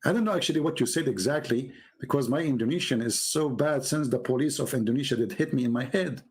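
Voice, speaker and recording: A man giving mocking, sarcastic commentary as he reads from a website on screen. He swings from low mutters to sudden high exclamations. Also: fast, rough recording. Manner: mocking and sarcastic, with exaggerated mock praise. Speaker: religious debater and commentator.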